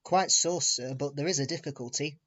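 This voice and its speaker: A man's voice: on the high side, a little fast, a bit bright, highs cut off. A man voicing a polite, deferential railway inspector.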